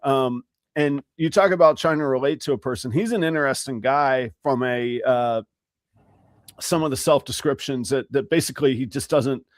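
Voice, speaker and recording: A man co-hosting a podcast, telling stories in an animated, rambling way during casual chat. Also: mid-range voice, normal speed, no echo, clean studio sound. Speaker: podcast co-host.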